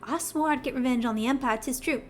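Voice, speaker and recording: A woman's voice: high voice, fast, slight background noise, close to an everyday voice. A woman putting on a twangy Southern schemer. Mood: earnest. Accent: heavy Southern US twang. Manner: folksy, blunt, rough-spoken. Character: middle-aged male schemer, self-styled realist. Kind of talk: reading game dialogue aloud.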